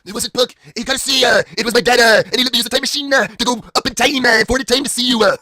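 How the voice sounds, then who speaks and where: A man's voice: very high voice, fairly even intonation, rapid-fire, sharp tone, dry recording, heavily acted. A man doing a vain dopey young wrestler. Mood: nervous. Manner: boastful, whiny, dopey. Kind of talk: improvised comedy skit.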